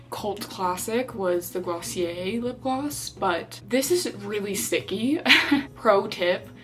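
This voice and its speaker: A young woman chatting casually to camera as she gets ready, giggly and rambling with lots of filler words. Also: medium pitch. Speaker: vlogger. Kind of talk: casual get-ready-with-me chat.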